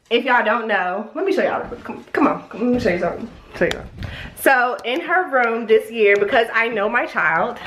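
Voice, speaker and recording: A woman's voice: mid-range voice, a bit bright. A young adult woman with a stuffy, congested voice, chatting casually at home in a vlog and rambling with lots of fillers. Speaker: vlogger and mother. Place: at home, indoors.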